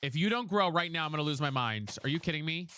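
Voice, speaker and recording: Sassy, animated male streamer chatting. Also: on the high side, quick pace, clear, resonant tone. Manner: sassy, chatty, reads chat aloud. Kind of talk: casual live gameplay chat.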